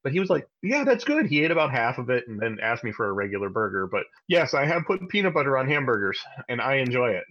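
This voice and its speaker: A man in his thirties chats casually on a podcast, his story bouncing along in an animated way. His voice sits at an ordinary middle pitch. The sound is a little dull and lo-fi. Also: fast, few pauses. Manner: animated, acts out his child's voice in high pitch. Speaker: podcast co-host.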